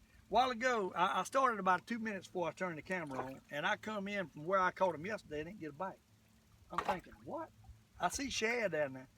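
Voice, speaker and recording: A man's voice: high-pitched, pushed and bright. An older man, chatting casually while fishing from a boat. He rambles in a folksy way and calls himself the old fisherman. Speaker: fishing vlogger. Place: on a boat outdoors. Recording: distant camera mic, faint background noise.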